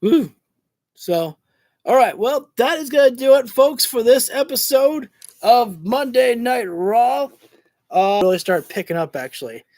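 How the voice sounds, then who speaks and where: A man with a very high voice calls a wrestling show as he watches it live, loud and excitable, cursing at the cheats and stumbling over his words now and then. The sound is close and dry, with no room around it. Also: a little slow, no room sound. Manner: excitable, shouts reactions and curses at the action. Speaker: streamer commentating a wrestling show. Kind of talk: live watch-along play-by-play commentary.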